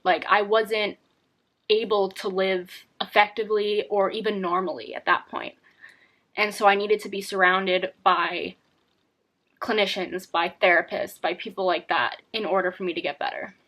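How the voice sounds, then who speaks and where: A woman's voice: mid-range voice, steady tone, normal speed, fairly bright tone. A young woman talking candidly to camera in a personal vlog, rambling with many fillers and restarts. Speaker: vlogger.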